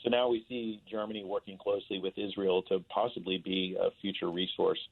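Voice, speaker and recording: A man rambles on as a guest in a loose, casual interview, his speech full of "uh" and "you know" fillers. His voice sits a little low. It comes through a thin, tinny phone line. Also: level tone, fairly quick, gravelly. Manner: talkative, rambling with many fillers.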